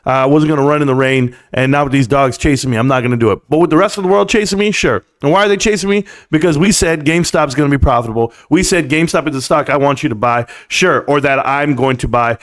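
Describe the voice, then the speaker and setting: A man hosting a live stream, talking casually and emphatically about the stock market and telling quick stories. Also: a little high, a bit bright. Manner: chatty, storytelling, emphatic.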